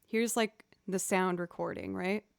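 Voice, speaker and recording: A woman's voice: fairly low pitch, very animated, unhurried, vocal fry, dry recording, studio quality. A woman streaming as a musician, talking in a casual, chatty and upbeat way to her viewers. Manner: chatty and upbeat, says "y'all". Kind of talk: casual livestream chat. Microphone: studio mic run through audio software.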